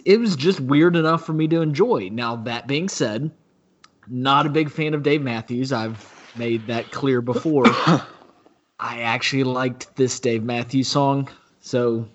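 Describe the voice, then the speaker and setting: A man with a mid-range voice rambling through his opinion in casual podcast talk, tripping over restarts and dropping casual swears. The audio is dull and low-fidelity. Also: fairly bright tone. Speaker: podcast co-host. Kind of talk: casual chat.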